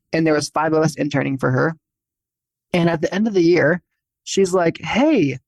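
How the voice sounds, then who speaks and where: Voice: medium pitch, no room sound. A speaker in a casual spiritual podcast conversation, talking chattily in a self-mocking way with lots of fillers.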